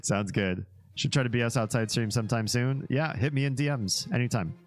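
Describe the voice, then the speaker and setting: A man's voice: mid-range voice, a little fast, soft background music. A man hosting a casual livestream, chatting with his viewers and reacting to a web page in an easygoing, rambling way. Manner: easygoing and rambling, drifting into asides and small laughs. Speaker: livestream host.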